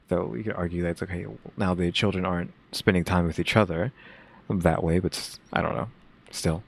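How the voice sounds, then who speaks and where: A man with a very low, gravelly voice gives casual reaction commentary. He thinks aloud, stops and restarts, and circles back to his points. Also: steady tone, brisk. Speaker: reaction co-host.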